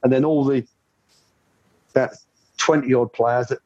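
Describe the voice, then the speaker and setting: An older man recalls old times in a rambling, anecdotal way, his voice slightly husky. The sound is dry and a little dull, like a lo-fi remote call. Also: mid-range voice, steady tone, unhurried, dark tone, no echo. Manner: rambling anecdotal, many fillers. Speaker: guest, former football coach. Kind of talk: storytelling interview.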